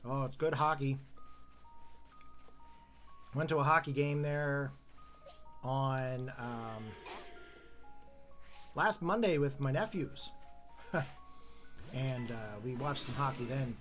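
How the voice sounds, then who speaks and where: A man's voice: mid-range voice, slow pace, pauses often, a bit bright, faint music behind. A Canadian man streaming a game live, chatting casually and chuckling often in a self-deprecating way. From Canada, northern New Brunswick. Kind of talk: casual live-stream chat while gaming.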